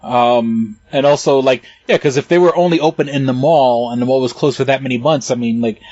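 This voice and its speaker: A man's voice: medium pitch, a little fast, darkish tone, no room sound. A man co-hosting a podcast, chatting casually in a rambling way with lots of restarts and swearing. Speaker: podcast co-host. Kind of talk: casual chat. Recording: dull lo-fi sound, dry.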